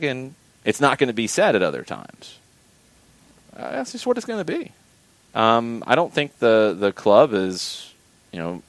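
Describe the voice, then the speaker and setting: A man hosting a soccer podcast, giving measured, opinionated commentary and often repeating words as he thinks. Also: low-pitched, a bit bright, dry recording.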